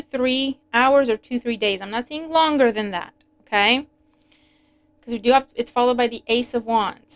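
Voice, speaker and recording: A woman giving a casual, animated tarot reading, chatty and quick to laugh. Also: fairly high pitch. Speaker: tarot reader.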